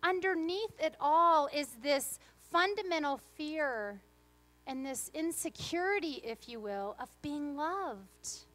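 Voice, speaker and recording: High-voiced woman pastor preaching. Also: takes it slowly. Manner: expressive storyteller, shifts between earnest reflection and playful humor. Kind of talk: sermon. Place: church sanctuary.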